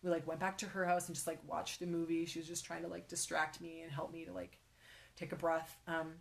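A young woman sharing a personal faith story in conversation, halting and emotional, often with fillers, sometimes dropping to a whisper. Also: fairly low pitch, little pitch movement, creaky.

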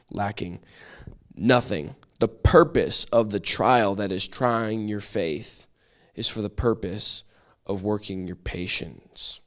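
Guy with a fairly low voice teaching bible study, casual and lively, does little voices. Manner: lively, conversational, acts out quoted voices.

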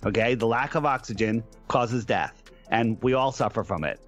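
A man's voice: mid-range voice, normal speed, soft background music. A man telling an anecdote on a talk show, acting out the people in his story. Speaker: guest.

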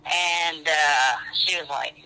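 A man's voice: a little high, slow pace, gravelly, sharp tone, clean tone. A man calling in to a radio show, rambling through a story with many fillers, heard over a phone line. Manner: rambling, lots of "I was like" and "uh". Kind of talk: casual storytelling.

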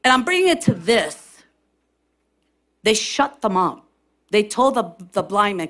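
A woman pastor preaching a sermon to her congregation, impassioned and building to shouted, repeated refrains. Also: fairly high pitch, big pitch swings, slow. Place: church service with responding congregation.

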